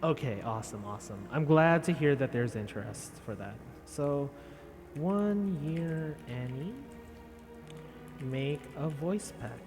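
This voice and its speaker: A man's voice: fairly high pitch, expressive, slow, music in the background. A man chatting casually with viewers on a live stream, rambling and self-deprecating. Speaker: VTuber streamer.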